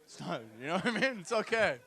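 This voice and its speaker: A man's voice: high-pitched, animated, fast talker, vocal fry, fairly bright tone, husky. A young man from Alberta doing loose, slangy stand-up crowd work as host of a comedy night. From Edmonton, Alberta, Canada. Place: comedy club stage with audience.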